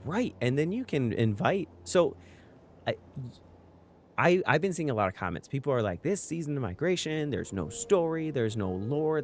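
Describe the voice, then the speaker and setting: Playful low-voiced man chatting on stream. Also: a little hiss or hum. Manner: rambling, playful, reads out chat. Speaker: livestream guest streamer. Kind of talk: casual livestream chat.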